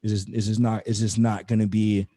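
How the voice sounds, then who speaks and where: Man, podcast co-host, low mellow voice, loose rambling talk, casual swearing. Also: level tone, brisk. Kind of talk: casual chat.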